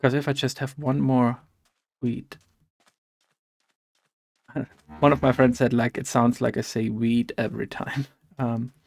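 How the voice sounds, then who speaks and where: A man's voice: mid-range voice, level tone, moderate pace, creaky. A man with a German accent and a German first language, chatting casually while he plays a game, rambling and thinking aloud with many fillers and restarts. He mentions having allergies. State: has allergies. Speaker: gaming vlogger.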